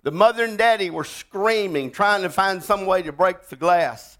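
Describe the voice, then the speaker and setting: A man preaching a sermon, telling stories dramatically and swinging from loud to hushed. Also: sits high, moderate pace. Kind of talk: sermon storytelling.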